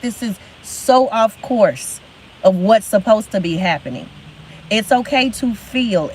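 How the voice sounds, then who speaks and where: A woman's voice: medium pitch, slight background noise, rough recording. A young adult woman hosting a motivational live stream on her phone. She speaks emphatically and repeats phrases for emphasis. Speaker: livestream host.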